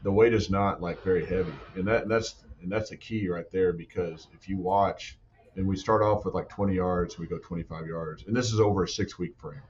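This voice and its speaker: A man's voice: low voice, fairly quick, highs cut off. A man who coaches football strength and conditioning, telling training stories in a casual chat full of "like" and "you know". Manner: animated storytelling, many "like" and "you know" fillers. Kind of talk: casual podcast conversation.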